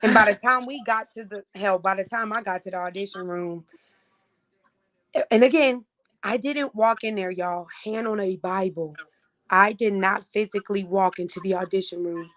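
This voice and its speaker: A woman hosting a casual chat, telling an audition story in a profane, animated way. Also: medium pitch, normal speed, no echo. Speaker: vlog host recounting an audition.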